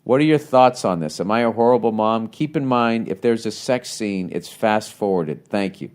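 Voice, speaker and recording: A man's voice: on the low side, lively intonation, moderate pace, a little mellow. A middle-aged man hosting a podcast, bluntly giving casual advice on a listener's letter with lots of swearing and rambling asides. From United States.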